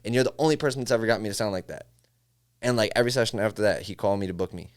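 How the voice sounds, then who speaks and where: A man's voice: lowish voice, very fast. A music engineer from upstate New York, a man, chatting casually as a podcast guest and acting out studio conversations as he tells them. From Syracuse, New York. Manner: animated storyteller, acts out studio dialogue, says bro a lot. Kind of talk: casual interview chat.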